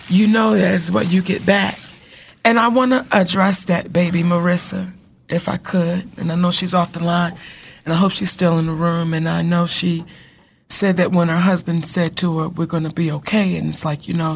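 Gravelly, emphatic woman co-host. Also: fairly low pitch. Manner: emphatic, preachy, blunt and colloquial. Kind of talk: casual talk show chat.

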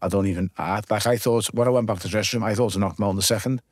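A man's voice: on the low side, very fast, no room sound, studio quality. A man with a Liverpool accent, a former boxer giving a casual interview and recounting his fights blow by blow, swearing freely. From Liverpool, England.

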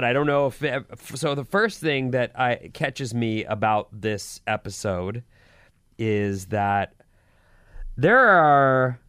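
A man's voice: medium pitch, fairly bright tone, clean tone, no room sound, studio quality. A man hosting a radio show in casual talk, rambling and restarting his sentences. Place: radio studio.

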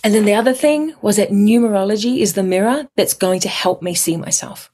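A woman in her fifties talks as an interview guest, with a husky, breathy voice. Her storytelling is chatty and animated, and she freely acts out what others said. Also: mid-range voice, brisk. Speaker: guest numerologist.

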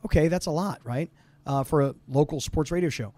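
A man hosting a podcast talks quickly and eagerly in a casual interview chat. His voice sits a little high for a man, and the sound is dry and close with no room echo. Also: warm tone. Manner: quick, enthusiastic talker. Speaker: podcast host. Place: office.

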